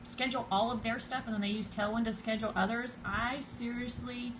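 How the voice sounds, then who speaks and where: A woman's voice: a little high, steady tone, brisk, noisy background. A woman with a Southern US accent hosting a casual live-stream tutorial, chatty and rambling with many fillers, greeting viewers by name as they drop in. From Southern United States. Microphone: phone camera.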